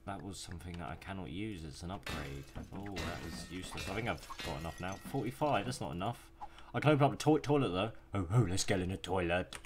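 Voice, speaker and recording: A young man giving casual, profane gameplay commentary and taunting the enemies he hunts. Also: deep voice. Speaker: gaming YouTuber. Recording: music playing behind the voice.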